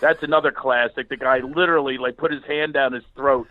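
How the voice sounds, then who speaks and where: A middle-aged man from Philadelphia, a comedian calling in as a guest, telling animated comic stories fast, laughing and restarting often. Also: mid-range voice, phone-quality sound. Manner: rapid, laughing, many restarts. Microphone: phone call.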